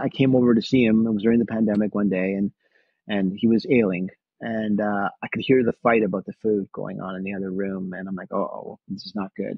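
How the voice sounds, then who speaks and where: A man speaks at an average pitch in a husky, breathy voice. He talks in a soft, halting way and often restarts his sentences. The sound is dry and a little dull. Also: no echo. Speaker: actor guest. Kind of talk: reflective storytelling.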